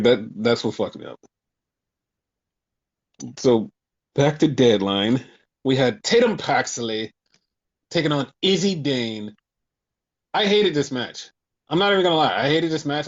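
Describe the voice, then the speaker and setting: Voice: mid-range voice, expressive, moderate pace, long pauses, muffled recording. A podcast co-host in casual chat, ranting with heavy swearing and lots of repetition. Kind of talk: casual wrestling review chat.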